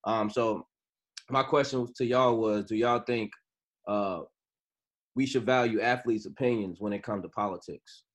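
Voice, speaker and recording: A man's voice: fairly low pitch, a little slow. A man co-hosting a podcast, introducing a topic in a rambling, hesitant way. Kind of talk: casual chat.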